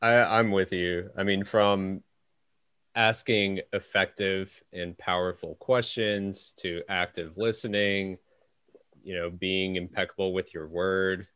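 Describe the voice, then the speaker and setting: A man's voice: low voice, fairly even intonation, slow pace, a bit bright, clean tone, no room sound. A man hosting a podcast, agreeing with his guest and thinking aloud in long, run-on phrases. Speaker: podcast host. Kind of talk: casual interview chat.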